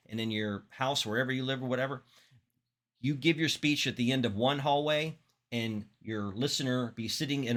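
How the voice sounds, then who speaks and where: A man teaching public speaking in an instructional talk, demonstrating vocal techniques with expressive examples. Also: medium pitch. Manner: demonstrates voices, animated and expressive.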